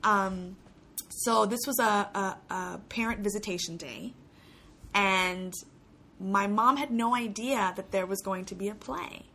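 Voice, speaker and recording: A woman's voice: medium pitch, a little slow, vocal fry, sharp tone. A young woman from Puerto Rico, a guest in a casual interview, telling stories chattily with frequent laughs and restarts. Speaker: guest, actor.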